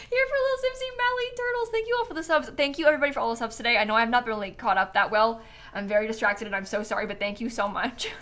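A woman's voice: a little high, bright, forceful tone. Giggly chatty woman streamer. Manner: bubbly, giggly, chatty with viewers. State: yawning, tired. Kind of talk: casual live-stream game commentary.

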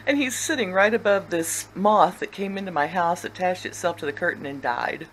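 A woman's voice: lowish voice, moderate pace, slight background noise, poor audio. An older woman vlogging casually at home, chatty and giggly as she talks. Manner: chatty and giggly, lively sing-song.

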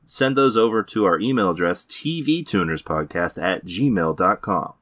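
A man's voice: sits low, lively intonation, normal speed, fairly bright tone. A man hosting a casual podcast, introducing his co-hosts with teasing jokes. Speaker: podcast host. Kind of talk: casual comedic podcast chat.

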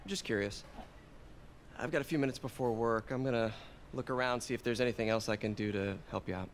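Male actor as a sincere, gentle young game hero, mid pitch. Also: a little fast, slight background noise, lightly acted. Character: earnest young male hero, kind and helpful.

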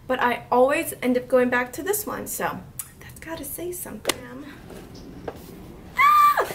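A woman's voice: high-pitched, fairly bright tone, distant mic, a little hiss or hum. A woman in her twenties gushing and squealing with delight as she unboxes a beauty haul, speaking a little off-mic. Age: 20s. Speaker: beauty vlogger.

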